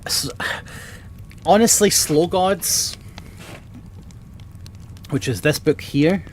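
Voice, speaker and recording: A man's voice: fairly high pitch, very slow, darkish tone, slight background noise. A man streaming from a home room full of bookshelves, chatting casually and enthusiastically about books and swearing freely. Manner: rambling and enthusiastic, swears often.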